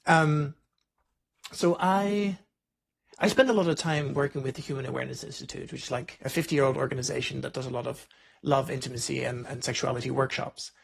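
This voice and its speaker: Gravelly husky male podcast host. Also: medium pitch, steady tone, a little fast. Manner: reflective, storytelling, frequent "like" and "right?". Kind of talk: conversational interview.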